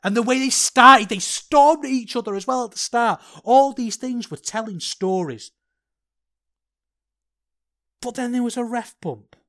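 Animated man ranting on a podcast. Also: very high voice. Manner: animated, ranting, quick to get worked up then sheepish. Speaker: podcast host. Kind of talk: solo podcast commentary.

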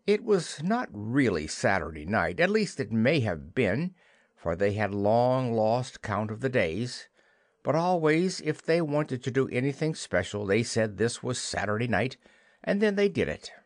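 A man narrating a classic children's storybook in an expressive, unhurried way. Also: medium pitch, dry recording, studio quality. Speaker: audiobook narrator.

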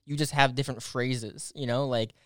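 Smooth-voiced young American man, chatty host. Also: mid-range voice, fairly even intonation, moderate pace, dry recording, clean studio sound. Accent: New Jersey. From United States. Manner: chatty, rambling, fillers like "like" and "um". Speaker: podcast host. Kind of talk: casual chat over a video call. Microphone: video call.

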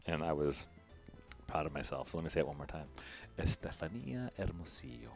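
Very deep-voiced joking male host. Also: flat delivery, faint music behind. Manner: joking and rambling, quick to laugh. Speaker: podcast host. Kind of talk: casual chat and interview.

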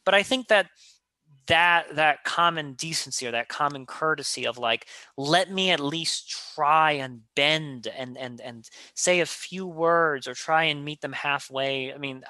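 A man chatting casually and telling lively stories, with frequent restarts and filler words. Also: fairly high pitch, no echo. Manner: animated storyteller, many restarts and filler words. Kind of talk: casual conversation.

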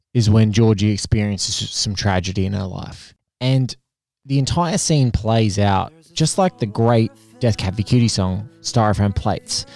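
A man's voice: fairly low pitch, mellow. A male film critic hosting a podcast, giving a reflective lead-in to his question. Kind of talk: podcast interview.

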